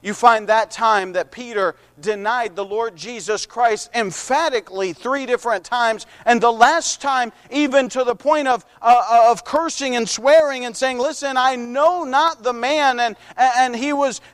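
A man preaching a sermon, reading scripture slowly and drawn out, then driving points home with emphatic rises. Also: extremely high pitch, a bit bright, clean tone.

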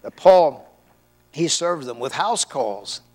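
Animated storytelling preacher, man, slightly high voice. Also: slow pace. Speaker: pastor. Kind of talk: sermon with storytelling.

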